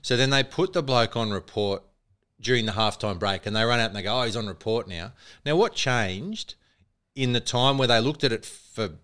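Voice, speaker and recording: A man's voice: medium pitch, normal speed, sharp tone, smooth. An Australian man with a mid-range voice, co-hosting a podcast. He retells events in a wry, questioning way. His tone stays casual and conversational. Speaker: co-host.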